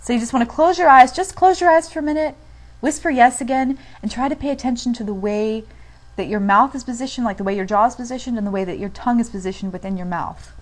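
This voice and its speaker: A woman's voice: fairly high pitch, fast. Chatty young American woman teaching. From United States. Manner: chatty, with many fillers. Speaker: language teacher. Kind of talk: casual video lesson.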